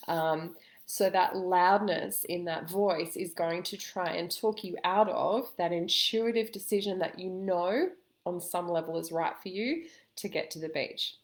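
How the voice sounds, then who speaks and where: A woman coaching listeners in a calm, gentle way, giving a spoken self-help lesson with slow pauses. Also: on the low side. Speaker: intuitive coach.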